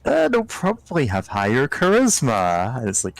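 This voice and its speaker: A man chatting casually with friends while gaming, making dry, deadpan remarks. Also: medium pitch, normal speed, vocal fry, no echo, rough recording.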